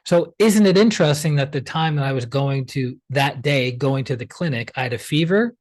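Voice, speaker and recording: A man, a healer, telling his story as an interview guest in a chatty, animated way, often using "like" and acting out what others said. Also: mid-range voice, moderate pace, no room sound. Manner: chatty and animated, acts out quoted dialogue, many "like" fillers. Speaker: pranic healer, podcast guest.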